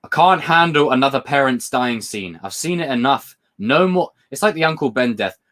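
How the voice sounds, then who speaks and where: Expressive and fairly bright, his mid-range voice moves at a normal speed. The speaker is a British man hosting a livestream, rambling casually between topics while he reads out viewer comments.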